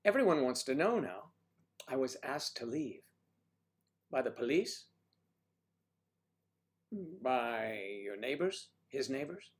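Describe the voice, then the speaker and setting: A man's voice: medium pitch, sing-song, takes it slowly, pauses often. A man hosting a casual livestream, reading out viewer comments and chatting, teasing and calling people honey and sweetie. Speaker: livestream host reading chat.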